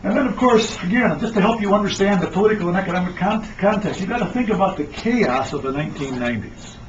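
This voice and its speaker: High-voiced animated male lecturer. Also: quick pace. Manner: animated, emphatic storyteller. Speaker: speaker. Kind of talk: lecture talk. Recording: distant dull lo-fi mic with faint noise.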